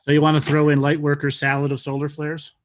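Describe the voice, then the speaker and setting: Guy hosting a call-in show, kinda high voice, cracks jokes and laughs a lot. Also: completely flat delivery, quick pace. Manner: joking, laughs often. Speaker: host.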